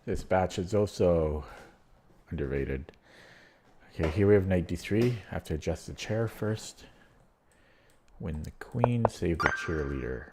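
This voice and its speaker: A man's voice: sits low, animated, a little slow, long pauses, heavy background noise. A man streaming chess, thinking aloud while solving puzzles, muttering to himself and getting frustrated.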